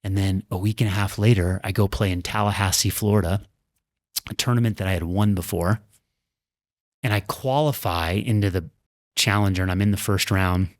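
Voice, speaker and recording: A man's voice: deep voice, steady tone, no echo, clean studio sound. A man and former pro tennis player, a podcast guest, reflecting earnestly on his career in candid storytelling. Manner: earnest, reflective, talks in quick bursts.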